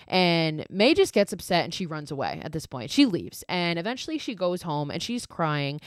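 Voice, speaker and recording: Podcast host, woman, lowish voice, dry close sound, swears a lot, says like constantly. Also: big pitch swings, normal speed, few pauses, no room sound. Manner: profane, exasperated asides; fillers of "like" throughout. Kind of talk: casual film recap.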